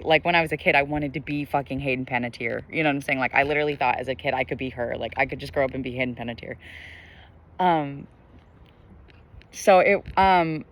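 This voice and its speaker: Here the young man's voice sits fairly high and has a bit of brightness as he delivers a relaxed collective tarot reading to camera. He rambles, leaning on fillers and spiritual musing, from an indoor spot where a bright sky glows behind him while the camera faces him.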